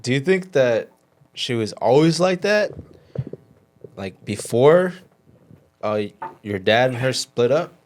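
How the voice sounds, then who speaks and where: A man co-hosting a podcast, chatting casually and asking questions in a laid-back, halting way. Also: medium pitch, animated, slight background noise. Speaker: podcast co-host. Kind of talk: casual chat.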